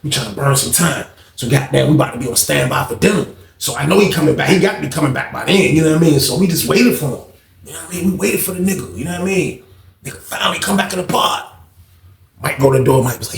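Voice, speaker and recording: A man's voice: fairly high pitch, quick pace, creaky, echoey room. A man telling a storytime tale in casual slang, acting out each person's lines with shifting voices. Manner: animated, acts out dialogue with shifting voices, heavy slang and profanity. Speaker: storytelling channel host.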